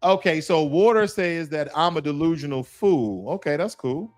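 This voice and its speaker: High-voiced man taunting his livestream chat. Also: animated, normal speed, a little mellow, dry recording, faint music behind. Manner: taunting, calls a chatter in over and over. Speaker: livestream host. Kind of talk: casual livestream talk reading chat.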